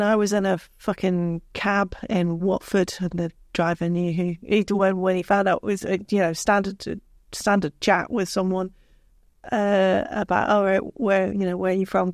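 A woman's voice: mid-range voice, level tone, normal speed, no echo, studio quality. A woman chatting on a podcast, rambling and sweary with a heated edge. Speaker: podcast co-host. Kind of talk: casual podcast chat.

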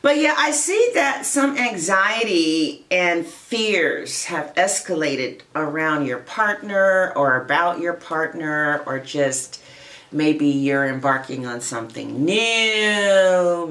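A woman tarot reader chats to her viewers in a playful, teasing way and laughs often. Her voice swings widely in pitch while she keeps an unhurried pace. She sounds like she is in a bare, echoey room. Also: animated, a bit bright. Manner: addresses listeners as honey and darling. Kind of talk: casual tarot reading chat.

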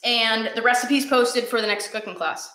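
A woman's voice: on the high side, moderate pace, sharp tone, echoey room. A young woman hosting a live-streamed cooking class, chatty and encouraging with her viewers, teary and sniffly from cutting onions.

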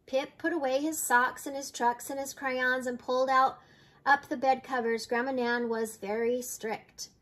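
An older woman reading a picture book aloud for children in a clear, steady, friendly way. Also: high voice, measured pace. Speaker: storyteller.

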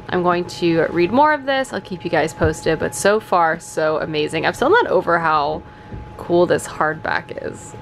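A woman's voice: on the low side, creaky. Chatty young woman vlogging at home. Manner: chatty, upbeat, filler-heavy. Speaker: booktube vlogger. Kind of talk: casual vlog chat. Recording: faint background noise.

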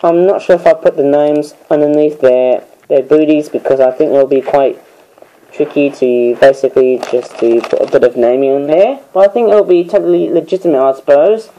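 A hoarse man in a casual, rambling vlog, chatting about and handling toy birds at home, tagging his thoughts with "I suppose". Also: a little high, moderate pace, dark tone, rough recording. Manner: rambling, filler-heavy, keeps tagging "I suppose". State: hoarse, voice giving out. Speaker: toy review vlogger. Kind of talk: casual rambling product show-and-tell.

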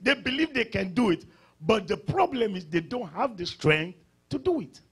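Husky high-voiced preaching pastor. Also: male voice, very animated, normal speed. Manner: preaching with sudden loud rises and drops. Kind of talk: sermon.

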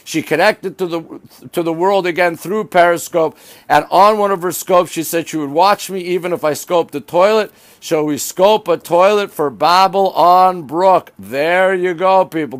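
Chatty high-voiced New man livestreaming. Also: normal speed, no echo, poor audio. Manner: chatty, greets viewers and reads comments. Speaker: livestream host. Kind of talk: live-streamed city tour chat.

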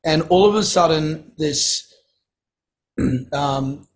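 A middle-aged man tells stories in a loose, easygoing way. His voice sits on the high side for a man, and he keeps pausing to clear his throat. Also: poor audio. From Australia. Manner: relaxed, chatty, clears throat often. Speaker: guest, singer-songwriter. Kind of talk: casual anecdotal storytelling.

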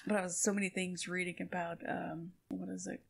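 A woman co-hosting a podcast in casual chat, teasing her friend with animated banter and quick laughs. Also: on the low side, vocal fry, breathy edge. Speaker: podcast co-host.

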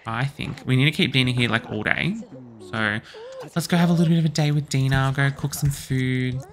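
A young man chatting excitedly through a life-sim game as host, gossiping about the drama. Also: medium pitch, a little fast. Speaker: let's play host. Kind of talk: gameplay commentary.

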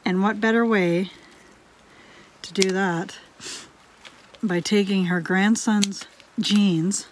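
A woman vlogger talks through a craft project at home in a relaxed, unrushed way. Her voice sits at an ordinary middle pitch, and she laughs easily between sentences. She slips into murmured asides to herself while she works. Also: drawn-out words, pauses often, noisy background. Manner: drifts into quiet asides while working. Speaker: homestead vlogger. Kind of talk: casual chat while crafting.

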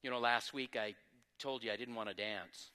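A man pastor preaching a sermon with lively energy, moving between loud exclamations and quieter, conversational asides. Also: medium pitch, moderate pace, clear, resonant tone, in a large hall. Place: church sanctuary.

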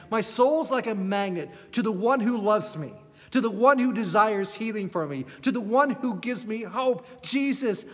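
A desperate blind beggar man , as a preacher puts him on, high and pleading, with long reverb ringing behind. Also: fairly bright tone. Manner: pleading, earnest first-person cries.

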